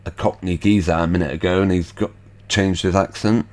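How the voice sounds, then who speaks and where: Deep-voiced skeptical male host. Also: steady tone, fairly quick, a little mellow, slight background noise. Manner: skeptical, rambling asides with fillers. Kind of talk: casual commentary over video clips.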